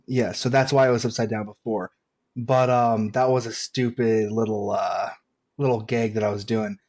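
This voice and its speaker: A man's voice: fairly low pitch, steady tone, normal speed, a little mellow. A man talking as a guest in a casual online chat, rambling with many filler words.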